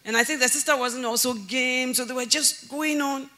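A woman pastor preaching a sermon, animated and often laughing, shouting for emphasis and then dropping to low, earnest tones. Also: moderate pace.

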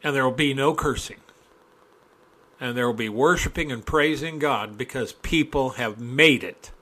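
Delivering his sermon at a moderate pace, a medium-pitched male preacher alternates between reading scripture and folksy side remarks. At times he rises to loud, fervent climaxes.

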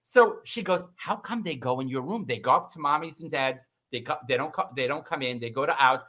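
Middle-aged guy telling a spooky story, bright tone, jumps way up for quotes. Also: brisk. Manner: animated, acts out quoted voices with big pitch jumps. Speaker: guest. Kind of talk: casual storytelling.

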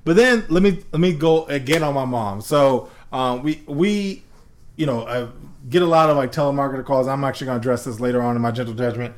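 A man co-hosting a podcast, telling stories in a casual, animated way and laughing often. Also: mid-range voice, brisk. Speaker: podcast co-host.

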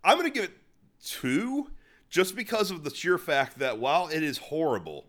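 A man's voice: a little high, very animated, normal speed, fairly bright tone. A man co-hosting a podcast, chatting casually about films, rambling with restarts and the odd swear word. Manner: rambling, many restarts and fillers, swears freely. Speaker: podcast co-host. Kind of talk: casual film review chat.

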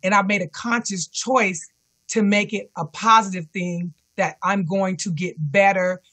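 Bright-voiced woman sharing her story. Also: mid-range voice, fairly even intonation, a little slow, husky. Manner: earnest, repeats encouraging self-talk. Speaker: guest, cancer survivor and fitness instructor. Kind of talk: personal storytelling in an interview. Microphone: remote call connection.

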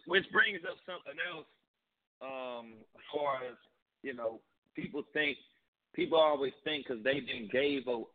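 Male rapper guest, St. Louis accent, easygoing rambling phone interview. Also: mid-range voice. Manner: laid-back, rambling with repeats. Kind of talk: casual interview. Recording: tinny phone line.

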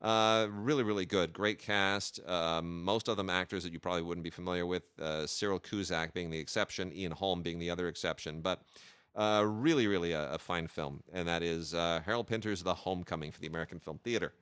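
A man's voice: sits low, fairly even intonation, fairly quick, a bit bright, clean tone, no echo. A man hosting a show, chatting casually and eagerly about film releases, with frequent hesitations and restarts. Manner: enthusiastic, with many hesitations and restarts. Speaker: podcast host reviewing film releases. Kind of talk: casual chat.

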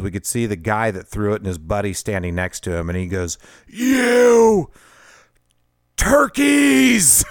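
A man's voice: on the low side, clear, resonant tone, no echo, clean studio sound. A middle-aged man hosting a podcast, telling a personal story in a conversational, self-deprecating way with frequent laughs. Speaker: podcast host.

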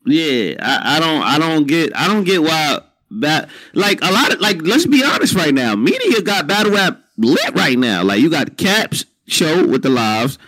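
A man with a fairly high, lively voice gives blunt opinions in a casual podcast chat. He often restarts his sentences. The sound is dry and close, with almost no room echo. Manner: blunt, halting, frank. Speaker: podcast co-host.

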